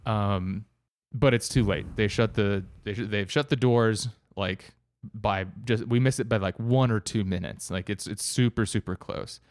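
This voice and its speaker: A man with a low, smooth, resonant voice tells a story in casual conversation. He rambles, full of fillers and restarts. The sound is dry and close. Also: a little slow, hardly any pauses, no echo.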